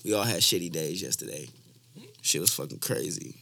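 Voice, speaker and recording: A man's voice: sits low, lively intonation, fairly quick, creaky, sharp tone. A young man hosting a casual podcast chat, loose and profane, joking and repeating himself as he talks. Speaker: podcast host.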